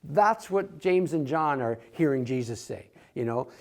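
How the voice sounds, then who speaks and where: A man's voice: a little slow, few pauses. A man teaching a church Bible class from an outline, acting out the quoted voices of the disciples. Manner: animated, acts out quoted voices with rising pitch.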